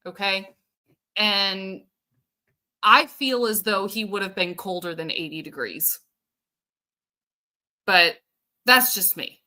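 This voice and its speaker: A woman's voice: mid-range voice, slow, long pauses, pushed and bright. A woman hosting a casual livestream, chatting and answering viewer comments while thinking aloud with plenty of fillers. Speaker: show host.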